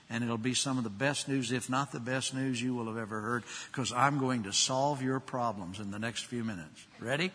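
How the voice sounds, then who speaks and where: An older man preaching a sermon, emphatic, rising loud and dropping soft. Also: mid-range voice, breathy edge. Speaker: pastor. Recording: long hall reverb.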